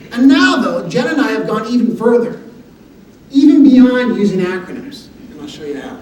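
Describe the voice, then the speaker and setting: A man giving a motivational talk, telling humorous personal stories with an animated, self-deprecating delivery. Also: sits high. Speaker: motivational speaker. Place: university lecture hall. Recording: echoey hall audio from far off with background noise.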